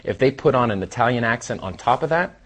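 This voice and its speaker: A man in his thirties giving a casual, rambling seminar talk as a trainer, with sighs and long pauses. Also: mid-range voice, lively intonation, fairly bright tone. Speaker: dating coach and trainer.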